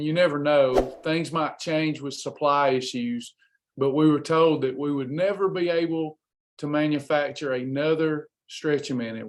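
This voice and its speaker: A man's voice: fairly high pitch, fairly bright tone, a little hiss or hum. A man coaching weight loss on a live stream, chatting casually and greeting viewers by name in an upbeat, folksy way.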